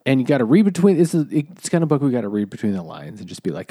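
A man's voice: medium pitch, very animated, fast talker, dark tone, slightly rough. A man in a book club discussion, talking wryly and with a self-deprecating tone. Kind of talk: casual chat.

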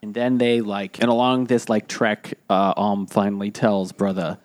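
Guy on a book podcast, kinda low voice, lots of uh and like while recapping. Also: flat delivery, moderate pace, few pauses. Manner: rambling plot summary with many fillers. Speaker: podcast co-host. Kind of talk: casual book club chat.

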